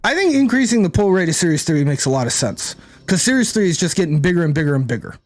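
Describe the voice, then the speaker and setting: Chatty high-voiced male streamer. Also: big pitch swings, quick pace, a little mellow. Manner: rambling, thinks aloud, swears casually. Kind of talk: casual gameplay commentary to chat.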